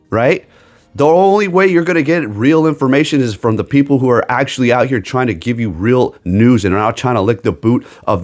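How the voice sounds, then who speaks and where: Rambling, emphatic man ranting on video. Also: mid-range voice. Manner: rambling, emphatic, keeps tagging "okay?"; sarcastic asides. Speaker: gaming YouTuber. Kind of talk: casual video rant.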